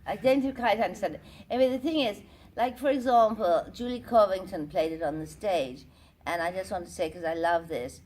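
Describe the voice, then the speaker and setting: Here the actress guest talks at a moderate pace, her voice lowish and darkish, as she relates theatrical anecdotes in a convention interview and plays out the quoted dialogue. Slight background noise is audible.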